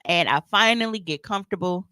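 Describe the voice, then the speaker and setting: A woman's voice: on the low side, fairly quick, pushed and bright, clear, resonant tone, no echo. A woman co-hosting a casual podcast chat, telling stories in a blunt, profane way. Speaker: podcast co-host.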